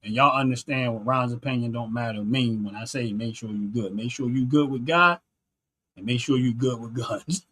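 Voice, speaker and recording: A man's voice: medium pitch, fairly even intonation, measured pace, pauses often, fairly bright tone, breathy edge. A man hosting his own channel, delivering a solo opinion monologue in an earnest, preachy, repetitive way. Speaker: channel host.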